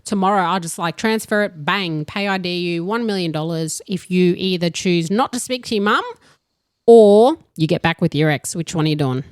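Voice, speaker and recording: A woman's voice: lowish voice, no echo, studio quality. Bantering Australian woman podcaster. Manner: bantering, quick to laugh. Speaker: podcast co-host. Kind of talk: casual chat.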